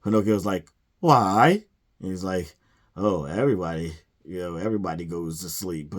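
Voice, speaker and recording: A man with a lowish voice rants casually about a film, sounding exasperated and sighing often. He drops into mumbled little impressions of the characters as he recaps. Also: fairly even intonation, brisk, darkish tone. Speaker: movie reviewer.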